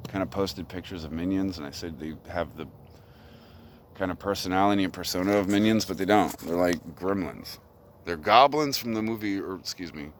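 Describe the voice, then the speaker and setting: A man's voice: low voice, a little hiss or hum. A man delivering an agitated, profane solo rant outdoors on a hilltop. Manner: ranting, profane, agitated monologue.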